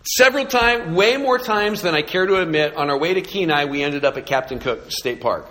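A man's voice: on the high side, lively intonation, brisk, pushed and bright. A middle-aged man from California, a pastor telling a story in a sermon with a flippant, self-mocking, sarcastic manner. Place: church sanctuary. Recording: echoey hall reverb.

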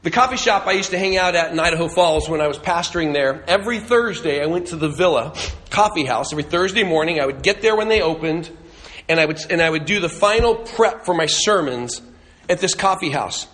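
A man's voice: a little high, expressive, a little fast, fairly bright tone. A man preaching a sermon as a pastor, telling a story in a conversational way with humorous asides.

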